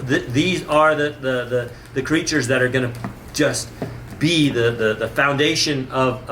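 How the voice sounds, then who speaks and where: A man's voice: medium pitch, pushed and bright, a little hiss or hum. A man who owns a nature center, talking casually to viewers, enthusiastic and rambling with many repeated words and restarts. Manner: enthusiastic, gets emotional. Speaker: nature center owner presenting animals. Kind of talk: casual video talk to viewers.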